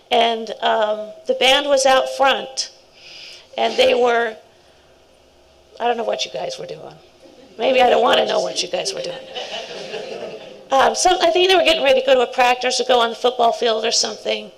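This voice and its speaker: A middle-aged woman speaks at a scout ceremony, warm and rambling, breaking into laughing asides. Her voice sits a little high and carries a gravelly fry. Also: low-quality recording. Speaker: scout leader. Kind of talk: speech at a ceremony.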